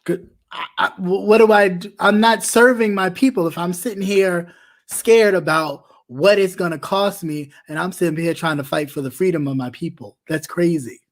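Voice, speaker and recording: Emphatic man with stumbling restarts. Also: high voice. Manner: emphatic, with many repeated restarts. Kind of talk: impassioned talk-show commentary.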